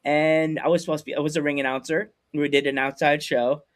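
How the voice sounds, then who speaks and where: A man hosting a podcast over a video call, telling stories in a lively way and acting out what people said. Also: fairly high pitch, fairly quick. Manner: animated storyteller acting out quotes. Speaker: podcast host. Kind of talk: casual storytelling chat.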